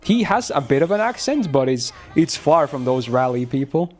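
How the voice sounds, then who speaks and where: A man's voice: on the high side, very animated, moderate pace. A young man from Finland, a native Finnish speaker with a mostly American-sounding English accent, chatting casually on a livestream, laid-back, swearing freely and laughing often. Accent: near-American English, slight Finnish trace. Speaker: streamer. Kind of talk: casual livestream chat with chat readers.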